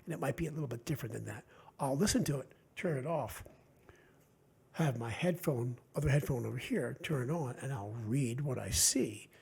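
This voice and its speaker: A man with a Delaware Valley accent, an author chatting on a podcast in a rambling, animated way. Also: mid-range voice, normal speed, creaky, husky. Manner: rambling, animated, acts out quotes. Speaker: author guest. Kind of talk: casual podcast chat.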